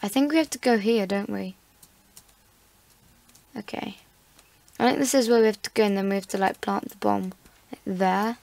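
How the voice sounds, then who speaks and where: Gravelly, chatty woman gamer. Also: medium pitch, fairly even intonation, normal speed, pauses often, a little mellow, dry recording. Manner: chatty, playful and self-mocking. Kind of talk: casual gameplay commentary. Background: faint background music.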